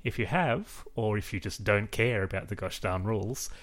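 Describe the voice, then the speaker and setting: A man's voice: lowish voice, normal speed, a bit bright. A man co-hosting a book podcast, enthusiastic and playful with small stammers. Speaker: podcast co-host. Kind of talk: casual book discussion.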